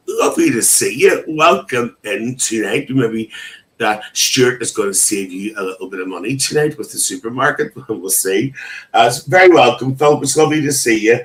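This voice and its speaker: A middle-aged man, hosting a casual livestream. He reads the chat aloud and welcomes each viewer by name in a chatty, familiar way. His pitch sits in the middle for a man. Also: fairly bright tone. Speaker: livestream host.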